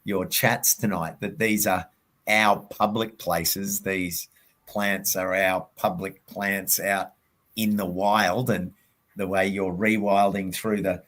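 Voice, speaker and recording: Aussie guy hosting a webinar, kinda low voice, slow and rambly. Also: flat delivery, fairly bright tone. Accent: Australian. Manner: rambling, halting restarts. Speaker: webinar host. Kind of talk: casual moderating.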